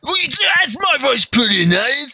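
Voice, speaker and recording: A man voicing a scrappy, rough-mouthed crewwoman in a tabletop game, coarse and shouting. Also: very high voice, very animated, moderate pace, over a noisy crowd, pitched above the performer's own voice. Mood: brawling.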